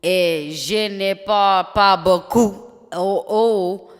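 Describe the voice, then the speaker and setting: A live streamer chatting casually, rambling and slangy with plenty of swearing, stumbling now and then into halting French. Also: medium pitch, steady tone. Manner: rambling, loose and profane, slangy. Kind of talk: casual chat. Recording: long reverb with music behind.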